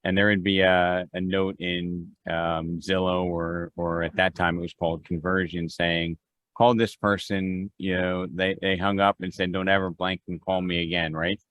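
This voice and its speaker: A man's voice: low-pitched, flat delivery, a little slow, fairly bright tone. A man leading a real estate mastermind on a video call, talking conversationally with restarts and acted-out phone exchanges. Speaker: real estate team leader.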